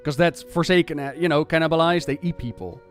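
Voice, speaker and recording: A man streamer chatting casually about game lore in an animated, ranting and profane way. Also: fairly high pitch, fast talker, faint music behind.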